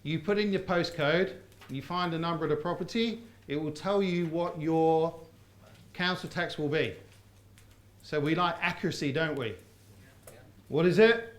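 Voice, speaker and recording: Brief: upbeat man, slightly high voice, runs a live training room, echoey hall. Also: normal speed. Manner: lively, quizzes the audience with call-and-response. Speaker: property course trainer. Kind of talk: live seminar teaching. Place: seminar room with audience. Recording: roomy seminar hall sound.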